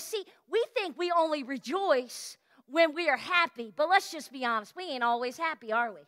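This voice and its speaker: Female pastor, very high bright voice, lively storytelling sermon with shouts and sung lines. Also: normal speed, few pauses. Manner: animated storytelling sermon, exclamations, sings snippets. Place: church sanctuary.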